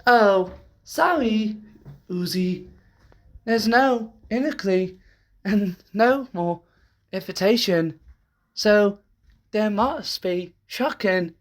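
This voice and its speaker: A storyteller voicing a monster villain calmly announcing a kill in a homemade horror story. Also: mid-range voice, very slow, long pauses, voice pushed up. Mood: menacing.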